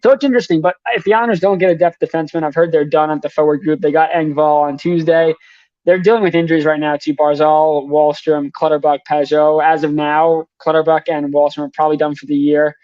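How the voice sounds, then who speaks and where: A young man, a hockey reporter, rattling off names and contract figures in quick sports analysis. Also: a little high, flat delivery, a little mellow, no room sound, dull audio. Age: young adult. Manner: rapid, rattles off names and numbers.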